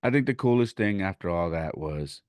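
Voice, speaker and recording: A man's voice: low-pitched, lively intonation, normal speed, darkish tone, dry recording, studio quality. A man hosting his podcast, animatedly telling a story from coaching youth baseball and retelling conversations in his own words.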